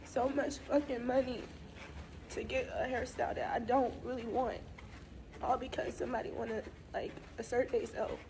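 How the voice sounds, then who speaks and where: A woman rants through tears about how she was treated, voice high and swearing at every turn. The clip carries a clear wash of background noise, like a phone recording. Her anger and crying stay present throughout. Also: steady tone, normal speed. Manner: angry ranting, heavy swearing. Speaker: upset customer in a posted clip.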